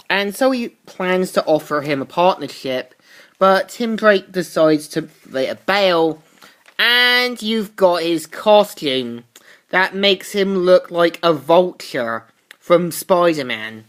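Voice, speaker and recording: A woman's voice: lowish voice, animated, measured pace. A woman reviewing a comic book, recapping the plot casually with asides.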